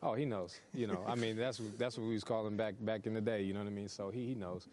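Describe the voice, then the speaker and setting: A young male pro football player answering press questions in a relaxed way, full of "you know" fillers. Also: fairly low pitch, fast. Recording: crowd chatter behind.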